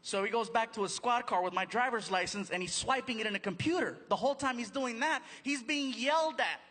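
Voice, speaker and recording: A man doing stand-up storytelling, animated and quick, slipping into voices and impressions, on a large theater stage. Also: extremely high pitch. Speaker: stand-up comedian. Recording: live hall recording with audience ambience.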